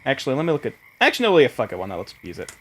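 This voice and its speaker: A man's voice: mid-range voice, rapid-fire, slightly rough. A man running a tabletop game as game master, talking casually and narrating scenes with many restarts. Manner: animated, rambling with restarts and laughs. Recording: faint background music.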